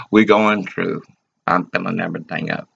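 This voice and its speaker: Gravelly man on a rambling, profane rant. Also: lowish voice, wildly swooping pitch, takes it slowly, a bit bright. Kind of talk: angry rambling rant to camera. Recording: dull lo-fi recording.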